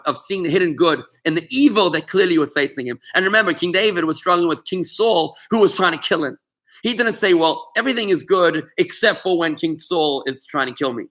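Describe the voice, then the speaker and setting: A man teaches a Torah lesson to students in an online class, his voice a little high, bright, and forceful. He speaks with passion and emphasis and often calls on students by name.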